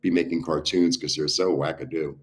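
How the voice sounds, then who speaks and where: Low-voiced man rambling about healing. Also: steady tone, fairly quick. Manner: rambling, with many fillers and bursts of laughter. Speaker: spiritual healer. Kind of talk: casual spiritual teaching.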